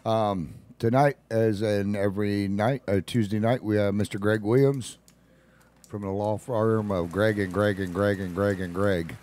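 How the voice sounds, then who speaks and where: Man, low voice, folksy radio host, casual chat, laughs at own jokes. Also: fairly even intonation, unhurried, darkish tone.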